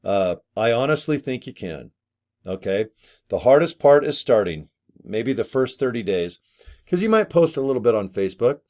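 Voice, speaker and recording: Casual male vlogger, middle-aged, chatty and excitable, mid-range voice. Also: mid-range voice, moderate pace. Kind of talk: casual talk to camera.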